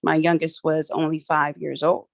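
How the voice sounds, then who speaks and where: A middle-aged woman from Philly with the to match, running an online workshop like a lively get-together. Her voice sits fairly low, and she keeps it playful and chatty with loose, colloquial phrasing. The sound is dry and close, coming through her phone on a video call. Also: normal speed, vocal fry, no echo. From Philadelphia, USA. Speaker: workshop host. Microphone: phone for audio on a video call.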